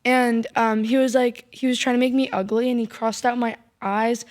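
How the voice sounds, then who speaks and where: High-voiced young woman telling animated stories. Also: normal speed. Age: young adult. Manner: animated storyteller, mimics voices. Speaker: podcast co-host. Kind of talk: casual chat.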